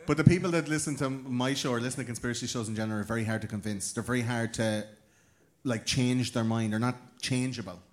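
A man's voice: mid-range voice, fast talker. A man hosting a podcast, trading crude jokes and laughing in casual banter. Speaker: podcast host.

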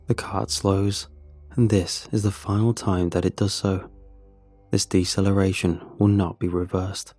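A man narrating a first-person horror story in a measured, suspenseful way. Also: on the low side, warm tone, husky, no room sound.

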